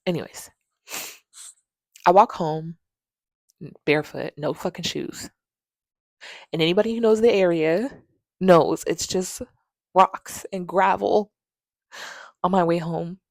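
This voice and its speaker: Young woman podcaster, kinda low voice, super dry close sound, telling her story straight up with lots of cussing. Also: slow pace, vocal fry, pauses often, darkish tone, dry recording. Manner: frank, emotional, profanity-laced retelling. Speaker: podcast host. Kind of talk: personal storytelling.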